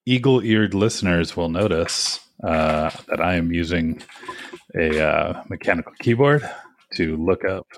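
Low-voiced man rambling, jokey. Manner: rambling, halting with lots of ums; self-mocking, jokey. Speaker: podcast co-host. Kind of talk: casual chat.

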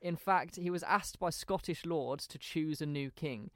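A young man from England hosts a casual history podcast, talking in a chatty, hesitant way and often losing his thread. His voice sits fairly high for a man. It is recorded close and dry, with no room sound. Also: unhurried, a bit bright, no room sound. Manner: chatty, hesitant, self-deprecating. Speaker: podcast host.

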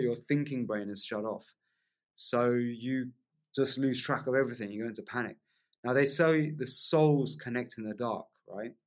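A man, a podcast guest, vividly telling a personal story in casual conversation, laughing often and leaning on lots of "like" fillers. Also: medium pitch.

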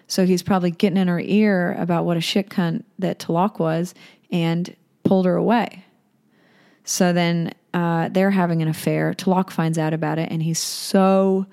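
A woman's voice: lowish voice, darkish tone. A young woman casually retelling a myth, irreverent and chatty, with swearing and asides. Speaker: storyteller.

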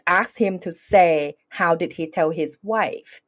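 A woman's voice: on the low side, slow. A woman with a non-native English accent telling a personal story earnestly in conversation, acting out the dialogue. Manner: earnest, acts out quoted dialogue. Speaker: guest.

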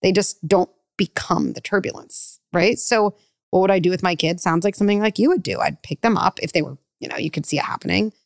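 A middle-aged woman psychologist giving parenting advice in a podcast interview, animated and full of "like", acting out parent and child lines. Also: lowish voice, a little fast, vocal fry, dry recording, studio quality. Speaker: clinical psychologist guest.

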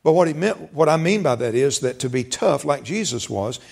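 A man's voice: fairly high pitch, expressive, normal speed, gravelly, darkish tone. A man preaching a sermon as pastor, folksy, repeating words and rising for emphasis.

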